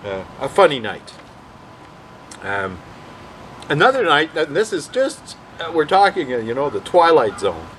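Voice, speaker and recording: A man's voice: fairly high pitch, measured pace, long pauses, a little hiss or hum, poor audio. A man telling rambling anecdotes in a casual vlog, often acting out what others said. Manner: rambling, animated, quotes others in voices. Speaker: vlog host.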